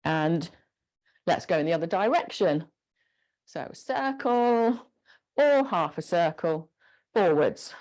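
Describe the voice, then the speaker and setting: A woman instructor leading a gentle guided exercise class, encouraging and giving step-by-step movement cues. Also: deep voice.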